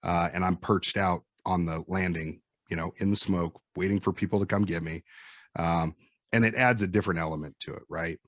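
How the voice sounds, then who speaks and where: Guest, male, 40s, Midwestern American accent, lowish husky voice, dry close sound, lively storyteller. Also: a little fast, no room sound. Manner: animated storyteller acting out quotes. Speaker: firefighter and instructor guest. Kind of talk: casual storytelling chat.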